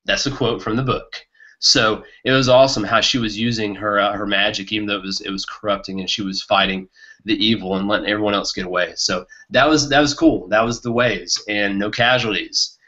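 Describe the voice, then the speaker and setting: A man co-hosting a casual book podcast, talking with excitement and laughing often. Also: on the low side, brisk. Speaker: podcast co-host. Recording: muffled lo-fi podcast audio.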